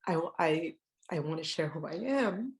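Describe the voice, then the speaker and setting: A woman's voice: low voice, animated. A woman co-hosting a podcast, chatting casually and stopping often to restart her sentences. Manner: halting, many restarts. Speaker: podcast co-host. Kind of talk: casual chat.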